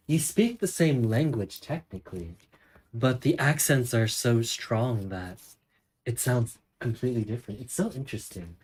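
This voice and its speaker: This is a young adult streamer from Northern California with a Northern Californian accent. The voice has a mellow, dark tone. The delivery is chatty and rambling, with thoughts forming aloud while answering a live audience. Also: mid-range voice, a little hiss or hum, poor audio. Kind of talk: casual livestream chat with viewers.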